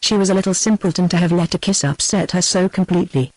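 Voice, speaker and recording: British computer voice lady reading a novel, steady and even, dry close sound. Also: lowish voice, quick pace, dry recording, low-quality recording. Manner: steady, even, synthetic pacing. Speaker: audiobook narrator. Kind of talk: text-to-speech novel reading.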